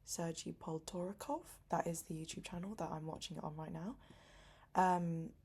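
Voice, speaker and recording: A woman's voice: sits low, flat delivery, normal speed, a little mellow, husky. A young woman in casual vlog chat, rambling with lots of "like", lying in bed in pain. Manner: rambling, heavy use of "like". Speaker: vlogger.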